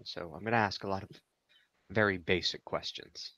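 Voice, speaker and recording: A man's voice: low voice, normal speed, pushed and bright, no room sound, lo-fi sound. A man playing a tabletop role-play game, switching between narrating and speaking in character. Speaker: tabletop player.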